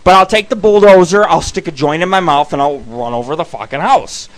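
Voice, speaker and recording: A man hosting his own radio show, telling rambling, profane stories with sudden shouted bursts. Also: a little high, a little fast. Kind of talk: profane storytelling monologue.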